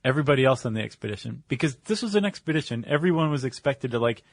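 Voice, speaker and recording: A man's voice: mid-range voice, animated, racing, dry recording, studio quality. A man co-hosting a podcast in casual chat, talking loosely with many fillers. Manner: loose, rambling, full of "like" and "um". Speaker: podcast co-host.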